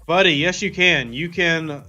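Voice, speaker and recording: A man's voice: on the high side, a little slow, sharp tone, lo-fi sound, faint music behind. Playful man hosting a game stream. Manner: reads out viewer chat and answers playfully. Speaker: livestream host. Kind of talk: casual gaming stream chat.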